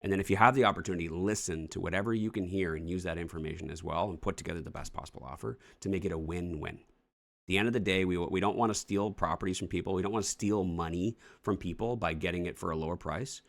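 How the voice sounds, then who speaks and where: A man with a very low voice talks fast, coaching listeners on real estate investing in an off-the-cuff morning-show style. He is blunt and swears freely. He often plays out what he would say to a seller. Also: creaky, a bit bright. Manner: acts out offers as if speaking to a seller.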